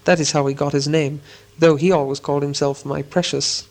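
Storybook narrator, man, somewhat high-pitched, slow and deliberate. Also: little pitch movement. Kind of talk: reading a storybook aloud.

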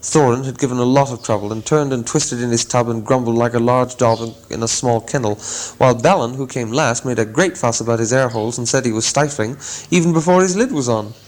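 A man reading a story aloud in a measured, gently wry storytelling manner. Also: mid-range voice, rough recording. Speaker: audiobook narrator. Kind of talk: scripted narration.

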